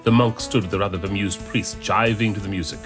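A man narrating a story in an expressive reading voice. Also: fairly low pitch, fairly quick. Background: background music.

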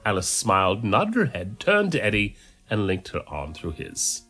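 Male storybook narrator, expressive, lively pitch, clear music bed behind. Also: normal speed. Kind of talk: storybook reading. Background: background music.

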